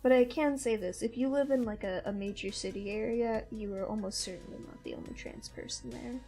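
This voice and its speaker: A young woman hosting a stream chats casually in a fairly high, husky, dark-toned voice at a brisk pace. Her accent mixes Midwestern and Southern American, and she rambles and laughs a lot over faint background music.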